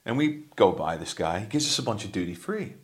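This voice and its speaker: Guy with a real low voice, musician telling old gig stories, lots of ums. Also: very animated, brisk. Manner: rambling anecdotes with many ums. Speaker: musician guest. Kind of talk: casual storytelling chat.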